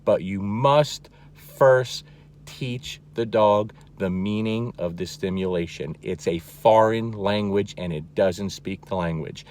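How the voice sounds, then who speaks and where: A man's voice: lowish voice, takes it slowly, a little mellow, slight background noise. Emphatic male dog trainer. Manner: emphatic, checks in with "okay?" often; plainspoken, repeats key words for emphasis. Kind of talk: instructional talk to camera.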